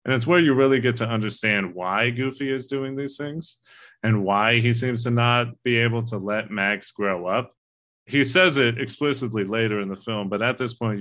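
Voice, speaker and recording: A man's voice: lowish voice, fairly bright tone. A man co-hosting a casual movie discussion, talking in an earnest, rambling way and swearing casually. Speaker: podcast co-host.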